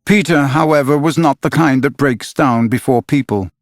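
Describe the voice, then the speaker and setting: An audiobook narrator reads a storybook aloud in scripted, measured, expressive narration. His mid-range voice is studio quality, with no room sound.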